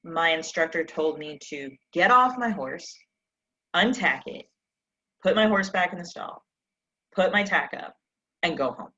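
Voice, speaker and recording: A woman's voice: on the low side, expressive, a little slow, pauses often, bright, forceful tone. Emphatic woman coaching, dull lo-fi audio. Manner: emphatic, full of rhetorical questions. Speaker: success coach. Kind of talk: motivational coaching session.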